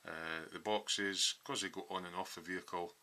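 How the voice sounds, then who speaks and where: A man talks through his model build in a home workshop, pausing often with ums as he explains each step. His voice sits very low but has a sharp, bright edge. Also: fairly even intonation. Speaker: hobby scale modeller. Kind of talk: casual workshop build walkthrough.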